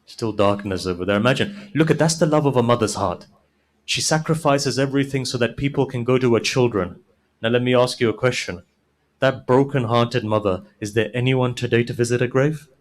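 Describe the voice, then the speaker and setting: A man preaching a mourning sermon at a middle pitch. He tells the story slowly and quotes each figure, then climbs into high, loud, grief-stricken cries. His delivery sounds impassioned and devout. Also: rough recording. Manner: builds from soft storytelling to high, loud, wailing climax; quotes figures in dialogue while narrating. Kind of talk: Muharram sermon, mourning narration.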